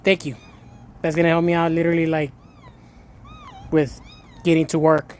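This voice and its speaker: A young man livestreaming and chatting casually to his viewers. He tells stories in a lively way, swears and then corrects himself, and thanks a donor with a lot of emotion. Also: fairly high pitch, moderate pace, a little hiss or hum. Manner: animated storytelling, swears and self-corrects, emotional gratitude.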